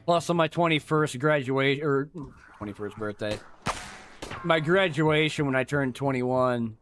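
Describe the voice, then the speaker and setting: A man's voice: medium pitch, a little slow, a bit bright, a little hiss or hum. Profane man muttering through gameplay. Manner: loose and profane, mutters to himself while playing; rambling storyteller with restarts. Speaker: streamer. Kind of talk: casual gameplay commentary.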